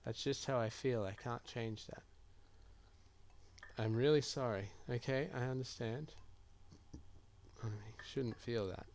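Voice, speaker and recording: A man streaming a game, reading typed chat messages and reply choices aloud in a low-key, musing way. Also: fairly even intonation, a little slow, a little hiss or hum. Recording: clear keyboard typing behind voice.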